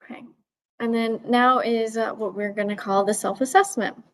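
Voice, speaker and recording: A woman's voice: fairly high pitch, fairly even intonation, moderate pace, fairly bright tone, rough recording. Female co-presenter, brief topic transitions.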